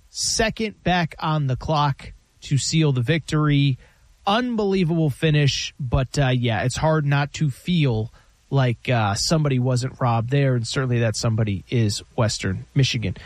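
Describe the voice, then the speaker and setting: A man hosting a sports talk show, running through scores and stats in a brisk, emphatic way. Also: on the high side, dry recording.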